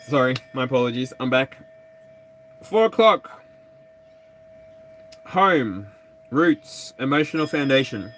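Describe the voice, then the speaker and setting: An Australian tarot reader chats through a live energy reading in an easygoing way, addressing the viewer directly. The pitch rises and falls a lot from phrase to phrase. The pace is slow and unhurried, with a faint hiss of noise behind. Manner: relaxed, chatty, speaks straight to the viewer.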